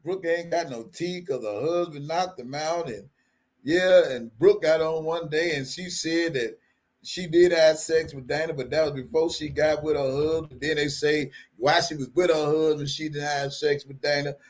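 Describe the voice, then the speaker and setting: Speaking at normal speed in a fairly high, steady voice, a man hosting a live stream rants offhandedly, swearing, poking fun, and laughing often.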